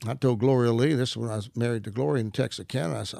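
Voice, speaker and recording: A man's voice: medium pitch, rapid-fire, creaky, hardly any pauses, dark tone, no echo, clean studio sound. A middle-aged man, a Christian minister, talking as an interview guest. He tells his stories in an earnest, folksy way and often restarts his sentences. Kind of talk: conversational storytelling.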